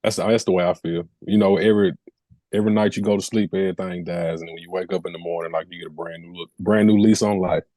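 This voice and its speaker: Male co-host, warm, low-ish voice, relaxed and thoughtful, dry close mic. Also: fast, dry recording. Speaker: podcast co-host. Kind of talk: casual podcast talk.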